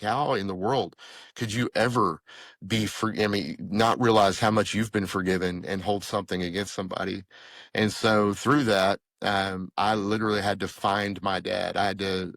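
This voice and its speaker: A middle-aged man, telling his faith story earnestly as a podcast guest and acting out the dialogue he recalls. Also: dry recording. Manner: earnest storytelling, acting out quoted dialogue with lively pitch jumps. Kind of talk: personal testimony in conversation.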